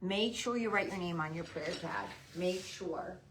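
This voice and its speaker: A woman hosting a live craft stream, chatting softly to viewers by name and gushing over the decorations. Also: lowish voice, a little slow, slight background noise, poor audio. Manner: hushed, half-whispering. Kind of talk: casual live-stream chat.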